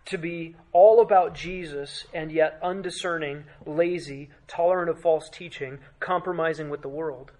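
A man preaching a sermon as pastor, emphatic, with dramatic drops to a quiet voice and rhetorical questions to the congregation. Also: fairly high pitch, steady tone, normal speed, few pauses.

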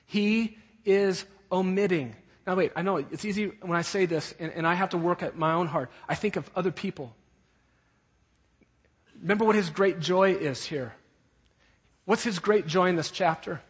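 A man's voice: high-pitched, normal speed, husky. A man preaching a sermon to a congregation. He stresses his points by repeating short phrases. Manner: emphatic, repeats key phrases. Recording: long reverb of a large hall.

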